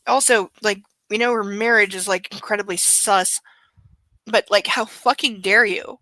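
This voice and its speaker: A woman's voice: medium pitch, steady tone, a little slow, pushed and bright, dry recording. A woman reading a novel aloud for her book club stream and breaking off into long, swear-filled commentary, peppered with "like" and "literally.". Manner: profane, swears constantly, rants.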